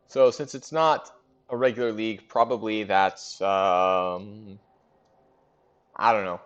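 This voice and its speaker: A man's voice: lowish voice, muffled recording. A man hosting a casual recap of a league in a fantasy sports board game, chatting and thinking aloud with fillers.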